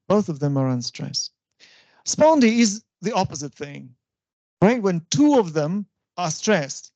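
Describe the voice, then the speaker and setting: A university lecturer, explaining patiently and often checking understanding with a quick "right?". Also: medium pitch, expressive, warm tone, dry recording. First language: Russian. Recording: dull, dry lo-fi recording.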